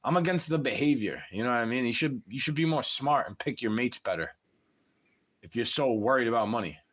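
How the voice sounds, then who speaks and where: A man's voice: medium pitch, animated, brisk, fairly bright tone. A young man ranting on a livestream, profane and agitated, talking straight at the listener.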